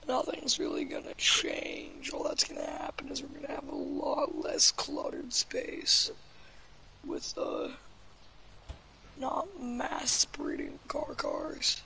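A man chatting casually while playing a game with a friend. He talks in a raspy, often half-whispered, jokey and rambling way. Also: very high-pitched, huge pitch swings, slow, bright, forceful tone, slight background noise. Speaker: gamer. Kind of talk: casual gaming chat.

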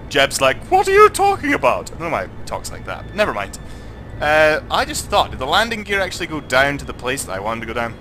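Drunk scottish guy doing game commentary, bright voice, all over the place pitch-wise, swears constantly. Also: quick pace, soft background music. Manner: rambling, excitable, swears a lot. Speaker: gaming channel host. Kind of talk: let's play commentary.

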